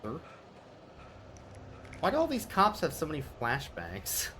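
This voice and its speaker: A man's voice: a little high, wildly swooping pitch, a little slow, bright, forceful tone, slight background noise. A man streaming a video game, chatting casually with his viewers, swearing and laughing, and cooing at his cat. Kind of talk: casual gameplay commentary.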